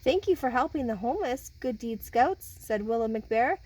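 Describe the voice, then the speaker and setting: A woman's voice: a little high, normal speed, slight background noise, rough recording. A woman reading a children's picture book aloud and chatting with the kids who listen. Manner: animated, talks with listening children. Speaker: storybook reader.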